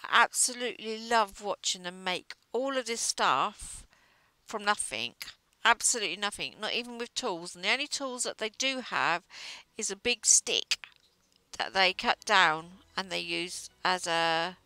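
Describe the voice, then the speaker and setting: A woman's voice: mid-range voice, expressive, measured pace, pushed and bright, clear, resonant tone, no echo. A woman livestreaming while she knits, chatting casually in a rambling way with plenty of fillers. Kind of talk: casual chat while knitting. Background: faint music.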